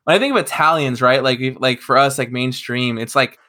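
A man's voice: medium pitch, fairly quick, pushed and bright. A young man in his twenties hosting a podcast, chatting casually in a rambling way full of fillers and swearing. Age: 20s. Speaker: podcast host.

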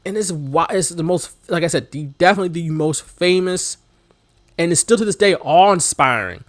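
A man's voice: a little high, normal speed, no echo. Guy chatting about wrestling, bouncy up and down voice, dry close mic, laughs a lot. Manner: animated, laughs often, mimics commentators' shouts. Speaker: podcast co-host. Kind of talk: casual wrestling chat.

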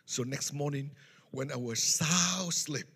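A man's voice: a little high, unhurried, pushed and bright, breathy edge. A man preaching a testimony in simple, non-native English, recorded with echo in a church hall. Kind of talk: sermon testimony storytelling.

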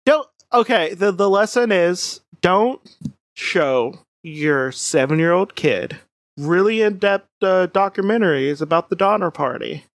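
A woman's voice: lowish voice, a little slow, no echo. Rambling, giggly woman in dry sound. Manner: rambling, animated, giggly, playfully dark humor. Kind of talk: casual comedic chat.

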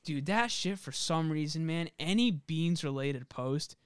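Smooth-voiced young guy joking around. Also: on the high side, animated, a little slow, dry recording, clean studio sound. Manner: joking, swears freely, lots of fillers. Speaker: podcast co-host. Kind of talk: casual chat.

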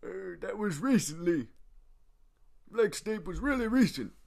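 A man's voice: high voice, animated, unhurried, vocal fry, darkish tone, full character voice. A man playing a forgetful old man who co-hosts a podcast, rambling goofily and losing his train of thought in an improvised comedy sketch. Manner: goofy, rambling, easily sidetracked. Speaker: podcast co-host.

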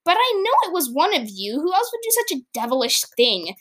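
A woman's voice: sits high, sing-song, fairly quick, fairly bright tone, pitched above the performer's own voice. A woman reading out the lines of a sassy, silly male villain from a handwritten story. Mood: indignant. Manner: read aloud from a written story.

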